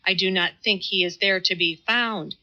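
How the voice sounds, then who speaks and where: Lady narrator doing a stubborn young atheist guy, slow and vehement, bright voice, muffled audio. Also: medium pitch. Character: fierce stubborn young atheist man in disguise.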